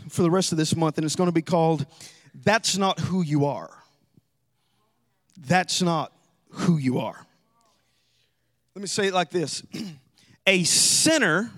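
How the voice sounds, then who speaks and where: A man preaching a sermon as pastor, dropping to quiet asides and rising to shouted, sung emphasis. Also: high voice.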